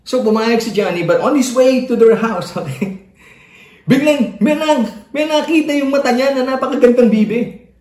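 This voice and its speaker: A Filipino man preaching, telling a story in animated mixed Tagalog and English. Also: extremely high pitch, brisk, reverberant. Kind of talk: sermon storytelling.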